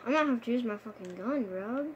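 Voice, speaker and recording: A woman giving casual gameplay commentary, swearing constantly, muttering one moment and yelling at enemies the next. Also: a little high, fast talker, lo-fi sound, slight background noise. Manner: excitable, jumps between muttering and shouting. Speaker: gamer streaming a video game.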